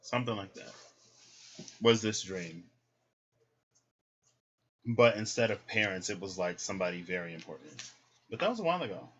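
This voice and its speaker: A man talks in a loose, meandering vlog ramble, trailing off and restarting as he thinks out loud. His voice sits on the low side. The recording is dull and lo-fi with a faint hiss behind it. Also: expressive, moderate pace, long pauses. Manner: meandering, hesitant, thinking aloud. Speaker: tarot vlogger. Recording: dull lo-fi sound with faint noise.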